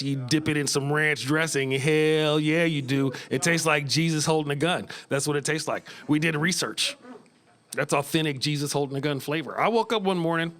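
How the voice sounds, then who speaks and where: A Northern California man in his fifties, with a slightly high and fairly bright voice, performs loose, profane live stand-up in a small club, chuckling at his own jokes.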